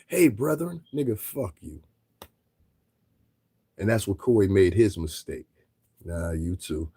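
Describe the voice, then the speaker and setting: A man's voice: low-pitched, warm tone, breathy edge, no room sound. A man commentating on a livestream in a blunt, profane, lecturing rant.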